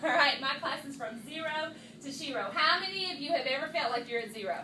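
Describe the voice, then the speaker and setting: High-voiced woman addressing a room. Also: fast talker, roomy sound, recorded from a distance, a little hiss or hum, low-quality recording. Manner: lively and chatty, addressing the room as y'all. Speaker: sales director speaking to her team. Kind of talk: motivational talk to a live audience. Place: meeting room with an audience.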